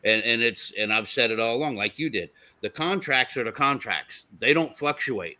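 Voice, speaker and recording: A man's voice: medium pitch, animated, moderate pace, few pauses, sharp tone. A man speaking on a casual trucking talk show, emphatic and loose, using "you know" often.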